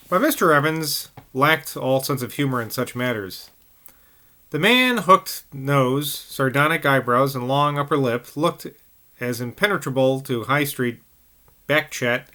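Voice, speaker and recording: Man, novel reader, bright tone, careful reading, occasional restarts. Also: mid-range voice, lively intonation, moderate pace. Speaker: audiobook reader.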